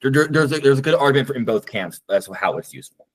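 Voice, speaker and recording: A man's voice: medium pitch, racing, poor audio. A man in a casual podcast chat with a mid-range voice. He rambles, trips over repeated words and wanders into tangents. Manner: rambling, stammering repeats, animated. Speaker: podcast co-host. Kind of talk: casual chat about conlang sound changes.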